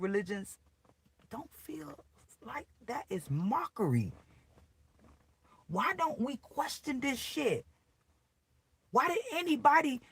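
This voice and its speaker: A man's voice: sits high, vocal fry, slightly rough. A man ranting in a preachy, profane way on a live video, recorded on his phone outdoors on a street. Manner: preachy, profane, agitated rant. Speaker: vlogger.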